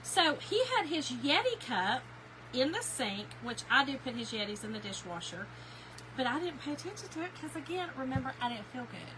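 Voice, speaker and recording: A chatty woman hosting a craft live stream with a high voice. She talks straight to her viewers and greets them by name. Her voice sits over noticeable background noise. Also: big pitch swings, moderate pace. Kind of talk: casual live-stream chat.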